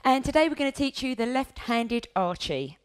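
A female dance teacher with a high, bouncy voice cuts in with short corrections and agreeing remarks. Her pitch rises and falls a lot. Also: very animated, clean tone. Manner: chimes in with corrections and quick confirmations.

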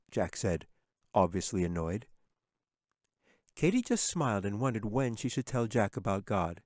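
A man with a fairly low voice reads his own fantasy story aloud as an audiobook. He keeps a measured, steady storytelling pace. The sound is dry and close, with no room echo. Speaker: author reading his own book. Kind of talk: audiobook narration.

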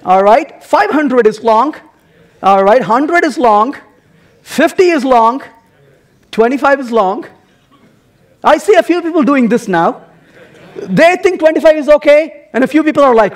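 High, lively man giving a playful tech talk. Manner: playful, teasing, full of rhetorical questions. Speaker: conference speaker. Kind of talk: humorous technical talk to a live audience. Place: conference hall.

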